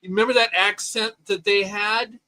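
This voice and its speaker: A man with a high, bright voice chats casually on a podcast, animated and rambling, tripping over restarts. The sound is dry and close, with no room around it. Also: moderate pace, dry recording, rough recording. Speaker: podcast co-host. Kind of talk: casual chat.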